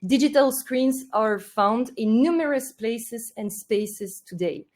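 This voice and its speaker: A woman presenting a marketing webinar, delivering points in a steady, list-like way. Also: a little high, takes it slowly. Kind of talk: presenting a webinar, partly read.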